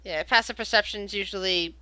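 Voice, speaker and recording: Bright, clear-voiced woman game master. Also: mid-range voice, dry recording. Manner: chatty, laughs often, halting restarts. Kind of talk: live-streamed tabletop game narration.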